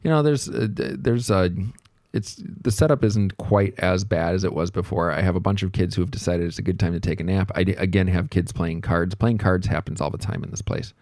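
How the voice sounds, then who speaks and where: A man with a very low voice tells a story from his own working life, looping back on himself and poking fun at himself. The sound is close and dry, with no room around it. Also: steady tone, fairly quick, darkish tone, dry recording. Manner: rambling, self-deprecating, reflective, many fillers. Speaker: podcast host telling a work story. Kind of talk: casual storytelling monologue.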